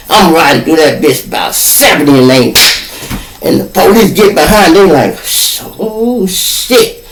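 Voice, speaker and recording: Man, podcast host, animated storytelling, lively pitch, echoey room. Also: recorded from a distance, slight background noise. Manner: animated, profane, acts out every voice. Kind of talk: casual street storytelling.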